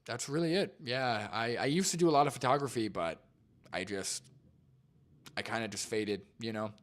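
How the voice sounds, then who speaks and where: A man's voice: medium pitch, normal speed. Laid-back young man chatting casually. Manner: laid-back, filler-heavy, says "like" and "dude" a lot. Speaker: streamer reacting to a video and reading chat. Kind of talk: casual live-stream chat.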